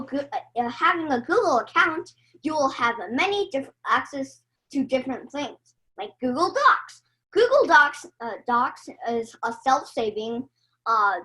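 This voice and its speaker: A young woman, a student, giving a short speech to the class in a halting way with fillers. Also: high voice, a bit bright, low-quality recording.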